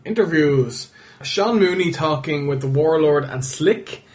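A man co-hosting a casual wrestling review podcast, trading quick dry jokes. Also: on the high side, expressive, a little mellow. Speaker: podcast co-host.

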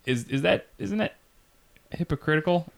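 A man's voice: a little high, moderate pace, vocal fry. A man hosting a podcast in casual comedic chat, sardonic and mocking. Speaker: podcast host.

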